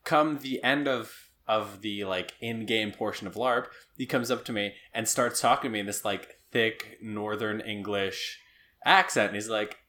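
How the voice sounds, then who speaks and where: A Midwestern man co-hosting a podcast, his voice bright and forceful yet sitting fairly low. He chats casually and tells stories with a self-deprecating humor. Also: unhurried. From Midwest United States. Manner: chatty, self-deprecating storyteller. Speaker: podcast co-host. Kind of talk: casual chat.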